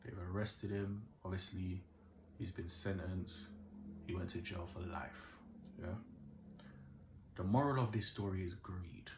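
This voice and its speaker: Young Caribbean-born male storyteller, very deep voice, lively and preachy, roomy echo. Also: unhurried, pauses often, background noise. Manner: animated, keeps asking "yeah?", moralizing. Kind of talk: casual storytelling to camera. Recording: echoey room.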